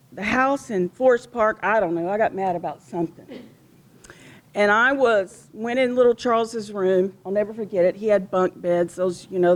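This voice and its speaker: A middle-aged woman, rambling and heartfelt as she tells personal stories about a fallen police officer. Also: mid-range voice. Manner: rambling and heartfelt, with frequent restarts. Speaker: widow of a police officer speaking at a memorial. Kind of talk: personal storytelling speech at a remembrance gathering. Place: outdoor memorial gathering.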